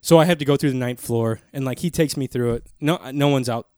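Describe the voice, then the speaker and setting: A man's voice: medium pitch, fast talker, a little mellow, dry recording, studio quality. A young man co-hosting a podcast, telling a long rambling story in casual chat, swearing a lot and acting out what others said. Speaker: podcast co-host. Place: small podcast studio. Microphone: studio mic.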